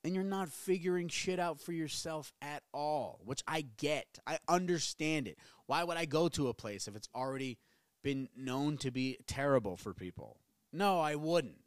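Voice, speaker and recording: A man's voice: fairly high pitch, lively intonation, moderate pace, no echo. A man in his thirties hosting a solo podcast from his small home studio, rambling and swearing casually with self-mocking jokes. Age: 30s. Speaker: podcast host.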